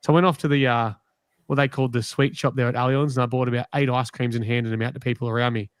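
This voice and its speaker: A man's voice: medium pitch, flat delivery, fast, clean tone, dry recording. An Australian man hosting a casual live podcast, teasing and joking with his panel. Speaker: podcast host. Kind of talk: casual live-stream chat.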